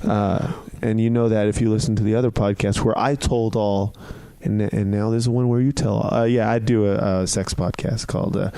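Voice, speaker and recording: A man's voice: fairly low pitch, fairly even intonation, a little fast, creaky, few pauses, mellow, no room sound. Male comedian co-host, jokey, teasing, dry close sound. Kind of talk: casual comedy podcast banter.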